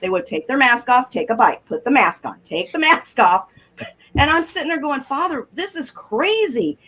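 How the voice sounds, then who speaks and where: A middle-aged woman talks on a casual talk show. She tells chatty, animated stories with a laugh in her voice. Her pitch sits a little high and moves up and down a lot. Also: moderate pace, low-quality recording. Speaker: co-host.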